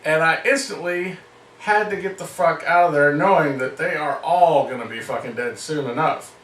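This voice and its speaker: High-voiced man telling a profane story. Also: normal speed, fairly bright tone, roomy sound, distant mic, low-quality recording. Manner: profane, laughing often. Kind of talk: casual comic storytelling.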